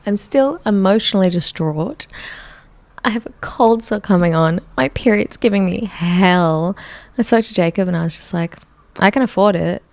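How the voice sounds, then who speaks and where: A young woman speaks in a gravelly voice, with plenty of vocal fry. She hosts a solo podcast and tells her story candidly, with a chatty, self-mocking tone. She is close on the mic in a dry, dead room. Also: mid-range voice, normal speed, a little mellow, no echo. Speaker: podcast host.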